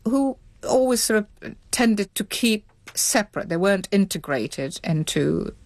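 A woman's voice: mid-range voice, lively intonation, unhurried, a little mellow, dry recording. A middle-aged woman, interviewed, recalling her childhood in a reflective, hesitant way with many restarts. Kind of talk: reflective recollection.

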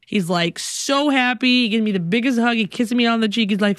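A woman's voice: mid-range voice, moderate pace, dry recording, studio quality. A young woman telling a personal story, acting out the people she quotes in shifting voices. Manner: animated, acts out quotes in voices.

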